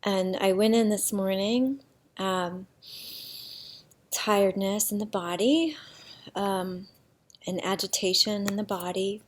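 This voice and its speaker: Woman, slow and thoughtful delivery, mid-range voice, personal reflective monologue with frequent pauses. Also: medium pitch. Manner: unhurried, pausing often, with soft fillers. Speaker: vlogger sharing personal healing practice.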